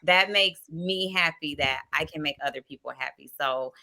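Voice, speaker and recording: A woman guest chatting in a warm, effusive way over a call. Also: deep voice, moderate pace. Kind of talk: casual chat.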